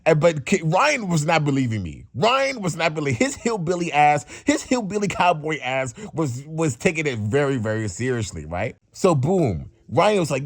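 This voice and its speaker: A young man telling a casual storytime in an animated, slangy way, often saying bro. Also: fairly high pitch, normal speed, few pauses, no echo, studio quality. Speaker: vlogger.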